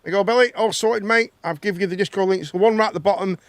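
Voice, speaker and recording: A man's voice: sits high, racing, dry recording. A man, hosting a casual live chat show, rambling and joking as he talks. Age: 30s. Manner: rambling, jokey, trailing off. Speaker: host.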